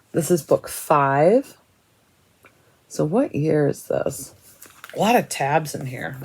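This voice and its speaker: A woman's voice: sits low, a little hiss or hum, low-quality recording. A woman casually showing her cross stitch chart books to viewers, chatty and admiring, thinking aloud as she flips pages. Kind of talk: casual show-and-tell of craft books.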